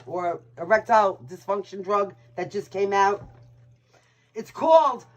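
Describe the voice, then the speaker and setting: A woman's voice: medium pitch, expressive, a little slow, lo-fi sound. A woman from Brooklyn with a Brooklyn accent, hosting a casual live-stream tarot reading in a chatty, brash way with swearing. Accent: Brooklyn New York. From Brooklyn, New York. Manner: chatty, brash, swears and laughs at own jokes.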